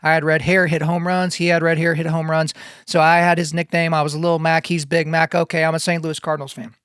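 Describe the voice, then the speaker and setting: A man's voice: a little high, little pitch movement, quick pace, a bit bright, clear, resonant tone, no echo. A man in his forties hosting a motivational podcast from his home studio, preachy and emphatic, repeating his key phrases. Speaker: podcast host.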